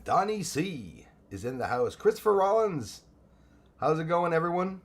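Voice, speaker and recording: A man's voice: a little high, expressive, moderate pace. A middle-aged man from Canada hosting a casual live stream, greeting viewers by name and sometimes switching into French.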